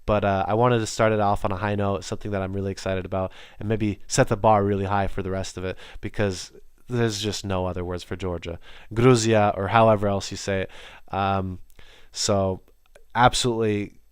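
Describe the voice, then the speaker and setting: A man's voice: lowish voice, level tone, fairly quick, clean tone, no echo, clean studio sound. A young man hosting a podcast, talking alone in a casual, enthusiastic, rambling way with many restarts. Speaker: podcast host. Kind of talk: casual solo monologue.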